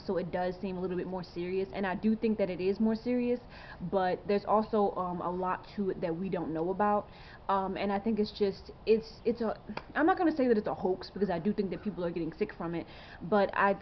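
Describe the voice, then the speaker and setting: A woman's voice: medium pitch, brisk, highs cut off, a little hiss or hum. A woman in her twenties talking straight to camera in a rambling, earnest way, full of fillers and rhetorical questions. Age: 20s. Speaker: vlogger. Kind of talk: casual to-camera monologue.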